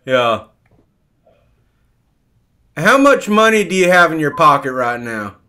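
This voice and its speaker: A man's voice: a little high, sing-song, takes it slowly, sharp tone, exaggerated voice. A man doing a needling TV psychologist. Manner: prodding, mocking, repeats the other man's name. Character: needling older male TV psychologist, bossy. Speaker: co-host doing an impression.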